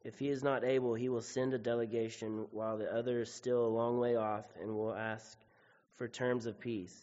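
A man reads a scripture passage aloud in a steady, measured delivery, with very little rise and fall in his pitch. His voice is at a middle pitch for a man. The sound is muffled and carries a long reverb. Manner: steady, even reading. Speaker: scripture reader. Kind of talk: scripture reading.

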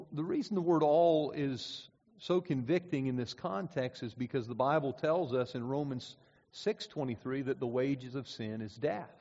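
A man's voice: mid-range voice, darkish tone. Man preaching in a reverberant church hall. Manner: measured, slows to stress key words. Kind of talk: sermon. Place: church auditorium. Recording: dull recording in a reverberant hall.

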